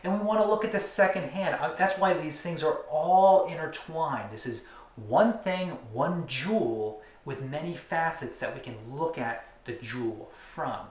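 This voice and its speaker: A man with a slightly raised pitch teaching a hands-on technique, pacing his speech in slow, rhythmic repetitions that sink to near-whispers. He explains patiently in an instructional demonstration style. The sound carries a noticeable room echo. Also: lively intonation. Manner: rhythmic, drawn-out emphasis, drops to near-whispers on repeated words. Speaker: acupuncture teacher.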